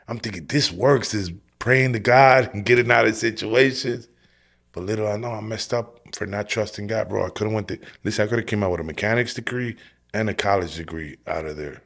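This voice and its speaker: A man in his forties giving his personal testimony as a podcast guest, telling it in a streetwise, animated way. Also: fairly low pitch. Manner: animated storytelling, acting out his own past lines; streetwise, direct, says "bro" and "yo".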